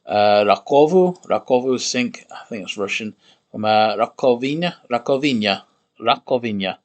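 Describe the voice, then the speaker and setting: A man on a casual livestream, musing aloud and slowly sounding out invented words, often correcting himself as he goes. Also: medium pitch, lively intonation. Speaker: streamer building a constructed language.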